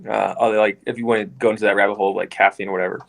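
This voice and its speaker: Earnest lower-voiced young man. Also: flat delivery, rapid-fire, gravelly. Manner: earnest, rambling, many fillers. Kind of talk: casual chat.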